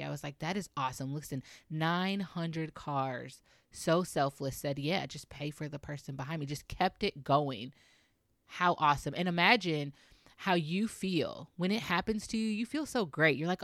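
A woman's voice: sits low, no echo, studio quality. A young woman hosting her own podcast, talking alone in an upbeat, chatty way with fillers and little laughs. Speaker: podcast host. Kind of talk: solo podcast monologue.

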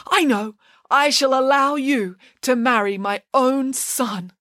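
A woman voicing a silly, dim-witted grown man who fusses and whines in a squeaky voice. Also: takes it slowly, a bit bright, dry recording, clean studio sound. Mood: grateful.

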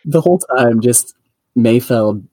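A man with a mellow, dark voice chats casually on a podcast. He is close and dry on the mic, with no room around him. He laughs easily and acts out lines in bits of character voice. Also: medium pitch, measured pace, no room sound. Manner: chatty, laughs often, acts out quotes. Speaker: podcast co-host. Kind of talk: casual chat.

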